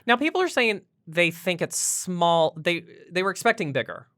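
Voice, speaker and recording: A woman hosting a casual podcast, tossing out teasing questions. Her voice is bright and animated, rising and falling freely. She sounds playful and quick to poke fun. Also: on the low side. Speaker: podcast host. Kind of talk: casual chat.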